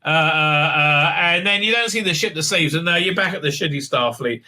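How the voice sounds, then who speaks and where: High, sharp-toned sarcastic male reviewer. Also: normal speed. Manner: mocking, profane, many filler sounds. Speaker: show reviewer, channel host. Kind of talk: sarcastic TV episode recap.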